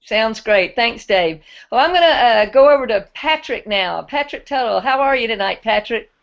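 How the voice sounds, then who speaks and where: A woman's voice: a little high, animated, moderate pace, creaky, muffled recording. A woman hosting a group video call, talking in a chatty, easygoing way. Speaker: host. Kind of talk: casual chat.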